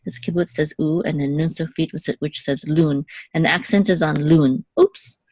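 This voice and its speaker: A woman's voice: low-pitched, fairly even intonation, moderate pace, darkish tone, no echo. A young adult woman giving a patient one-on-one Hebrew lesson, checking in often with "okay". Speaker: Hebrew teacher.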